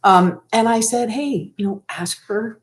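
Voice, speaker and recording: Chatty woman with a bright, high voice. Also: a little slow. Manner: animated storyteller, acts out quotes loudly. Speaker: co-host. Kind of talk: casual chat.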